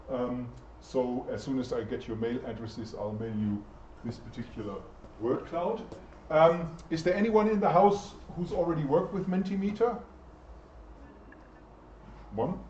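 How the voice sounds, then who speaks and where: A man with a darkish, medium-pitched voice gives a chatty university lecture in a lecture room, putting questions to the class. The recording picks him up from a distance, sounding echoey and dull with a little hiss or hum.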